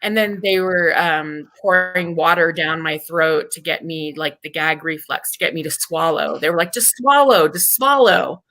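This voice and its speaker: A woman in casual chat, telling an animated story with some swearing. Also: low voice, normal speed, few pauses, no room sound, poor audio. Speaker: group chat participant.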